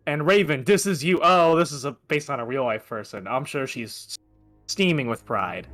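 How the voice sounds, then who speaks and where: A man's voice: medium pitch, normal speed, a bit bright, soft background music. A man doing a comic read-aloud of a fan story, making wry asides and laughing often. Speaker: co-host reading aloud. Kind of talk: comic dramatic reading with asides.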